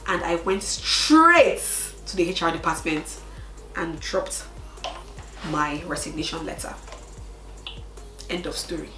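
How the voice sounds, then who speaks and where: Brief: young woman, lower voice, emotional storyteller, roomy echo with faint music. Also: fairly bright tone. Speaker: vlogger. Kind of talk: casual storytelling chat.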